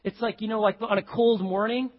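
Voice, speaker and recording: A male pastor preaching a sermon, swinging from hushed lines to loud, acted-out quotes. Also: high-pitched, fairly even intonation, fairly quick. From Texas. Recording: dull lo-fi recording.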